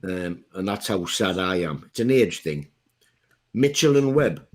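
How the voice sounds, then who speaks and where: A man's voice: low voice, animated, a little slow. A middle-aged man with a Geordie accent co-hosting a casual chat, rambling and joking at his own expense. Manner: rambling, jokey, self-deprecating. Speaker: podcast co-host.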